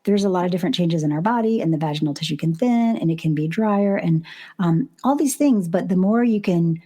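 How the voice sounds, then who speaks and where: Husky, mellow-voiced woman coach. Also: lowish voice, animated, brisk. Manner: open, frank and encouraging. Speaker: guest, sex and relationship coach. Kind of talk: casual podcast chat.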